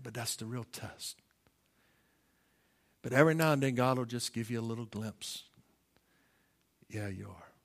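A middle-aged man preaching a sermon, moving between quiet storytelling and loud, impassioned calls. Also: medium pitch, creaky. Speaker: pastor.

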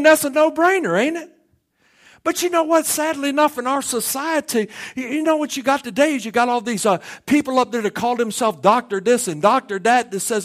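A man preaching a sermon as pastor, swinging from loud emphatic lines to hushed ones. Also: high voice.

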